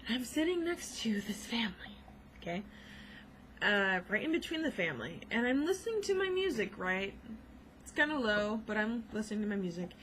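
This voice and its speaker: A woman's voice: on the high side, very animated, fairly quick, fairly bright tone, a little hiss or hum, rough recording. A young woman vlogging in casual chat, rambling and gushing with lots of fillers.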